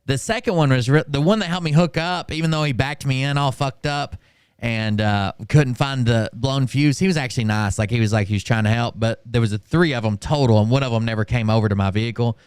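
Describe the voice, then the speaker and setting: A man casually telling a story on a stream, ranting in a profane and animated way. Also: medium pitch, a little fast, smooth, dry recording, clean studio sound. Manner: profane, animated, full of fillers and restarts.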